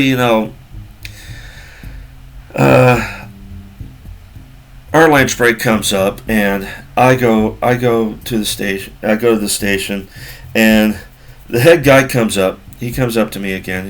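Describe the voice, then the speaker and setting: A man's voice: lowish voice, fairly bright tone. A man in his forties telling a casual story from work in a rambling way, with many fillers and repeats. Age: 40s.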